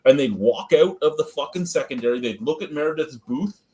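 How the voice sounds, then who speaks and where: A man's voice: fairly high pitch, lively intonation, brisk, a little mellow. A man hosting a beer review stream, telling an anecdote and swearing freely. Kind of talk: casual profane storytelling.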